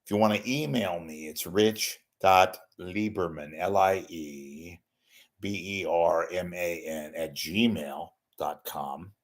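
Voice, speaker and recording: A man's voice: low-pitched, slow pace. An older man hosting his own talk show, talking off the cuff to viewers in a blunt, rambling, self-mocking way. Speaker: host of an online talk show. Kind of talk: unscripted solo talk reading viewer messages.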